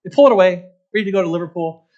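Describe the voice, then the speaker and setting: A man's voice: high-pitched, rapid-fire, darkish tone, muffled recording. A man gives a luncheon talk as a market strategist, repeating his key points and checking in with the audience by asking "okay?". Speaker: guest speaker, market strategist.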